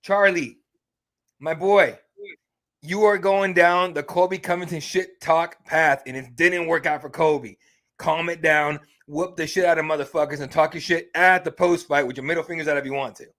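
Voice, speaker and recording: A man hosting a casual podcast, telling stories in an animated, profane way. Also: a little high, moderate pace. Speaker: podcast host.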